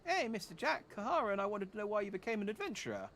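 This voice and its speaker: A man voicing a curious, pushy young boy who asks excited questions. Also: high voice, racing, a little hiss or hum, voice pushed up, heavily acted. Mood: eager.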